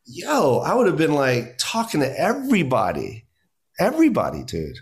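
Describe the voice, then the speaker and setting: A man who is a guest comedian, speaking in a casual podcast conversation, animated and emphatic, with his voice jumping up when he makes a point and many "you know"s. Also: on the high side, moderate pace.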